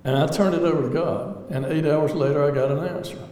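A man's voice: on the high side, steady tone, a little fast, mellow, a little hiss or hum. A man giving an earnest personal testimony to an audience, reflective with wry humor. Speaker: lay speaker giving testimony. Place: large hall before an audience. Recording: echoey hall with faint ambience.

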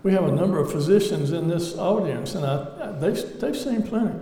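This man speaks at a moderate pace in a high, expressive, mellow voice, offering his personal testimony to a crowd in a large hall. He is a lay speaker, earnest and reflective, with a wry sense of humor. The room echoes, and faint ambience sits beneath him.

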